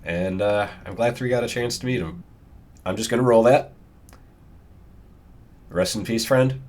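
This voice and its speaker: A man introducing a clip in a subdued, halting vlog tribute. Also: lowish voice, a little mellow. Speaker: vlogger.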